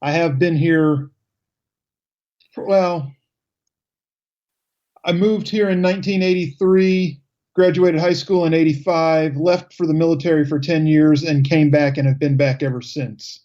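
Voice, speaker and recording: A man's voice: a little high, fairly even intonation, measured pace, pauses often, dark tone, highs cut off. A man in his fifties hosting a radio talk show, chatting casually and easily with his guests. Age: 50s.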